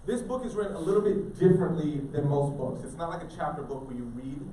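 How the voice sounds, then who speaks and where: A man's voice: on the high side, lively intonation, quick pace, warm tone. A man giving a playful, jokey live speech to students as a motivational speaker, questioning the crowd. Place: school auditorium. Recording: echoey hall, mic from far off, faint hiss.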